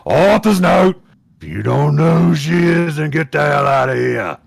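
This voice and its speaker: A man voicing a gruff orc reading a goth teen girl's story aloud as a comic dramatic reading. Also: on the high side, lively intonation, moderate pace, pitched above the performer's own voice. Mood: shouting.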